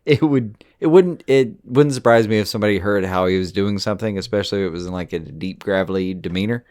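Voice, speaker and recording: A man with a fairly low voice co-hosts a podcast. He rambles loosely, piles up fillers and swears now and then in a relaxed back-and-forth. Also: fast. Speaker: podcast co-host. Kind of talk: casual podcast chat.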